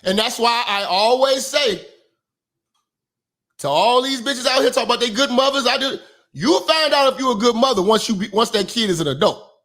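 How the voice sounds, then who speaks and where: Very high-voiced preachy male commentator. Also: normal speed. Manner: preachy, emphatic, profane, bursts into shouting. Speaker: online commentator and minister. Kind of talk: profane comedic commentary monologue.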